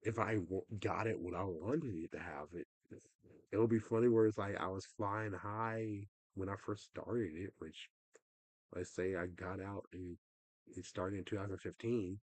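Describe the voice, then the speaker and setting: Husky, frustrated man rambling on stream. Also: low-pitched, fairly even intonation, a little slow, darkish tone, no echo. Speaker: livestreamer. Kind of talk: casual livestream rant.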